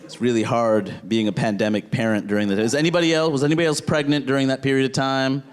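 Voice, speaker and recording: A man's voice: medium pitch, steady tone, fast, a crowd in the background. A man performing a stand-up set in a rambling way, tagging lines with "right?" and bursting into outrage, on a handheld stage mic. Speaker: stand-up comedian. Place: comedy stage with audience.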